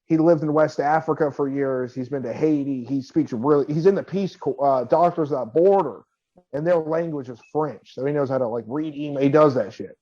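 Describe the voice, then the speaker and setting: A man's voice: on the high side, a little fast, dark tone, highs cut off. Profane, laughing man telling a story. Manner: profane, laughing, quotes people in his anecdote. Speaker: podcast co-host. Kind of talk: casual storytelling chat.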